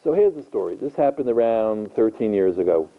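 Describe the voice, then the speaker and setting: A middle-aged rabbi gives a storytelling lecture to a live audience in a large room, speaking fairly quickly and animatedly and acting out his characters with big pitch jumps. The sound is phone quality.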